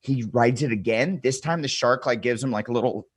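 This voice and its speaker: A man's voice: mid-range voice, brisk, breathy edge, dry recording. A man in his thirties, a podcast guest, telling a wild story in a casual, profane way and acting out the people he quotes.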